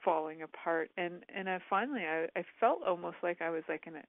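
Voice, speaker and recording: A woman's voice: fairly low pitch, fairly quick, dry recording. A woman host telling a personal story frankly, rambling with lots of "like" and "um". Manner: frank, rambling, heavy use of "like" and "um". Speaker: talk show host. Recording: tinny phone-line sound, dry.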